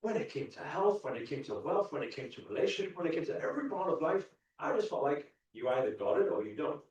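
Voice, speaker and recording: A man giving an animated, repetitive motivational talk to a live audience, chuckling often. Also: fairly high pitch, fast talker. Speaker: spiritual coach. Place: large event ballroom. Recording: echoey dull hall sound from far off.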